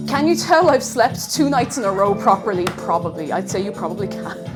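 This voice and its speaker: Over music, a woman's medium-pitched, sing-song voice runs a little fast. She's a livestream host in her home kitchen, casually chatting with live viewers in a playful way and making silly asides.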